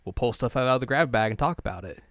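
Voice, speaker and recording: Smooth-voiced jokey male podcast co-host. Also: mid-range voice, animated, quick pace, fairly bright tone, dry recording. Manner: jokey, laughs often, many fillers. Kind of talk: casual chat.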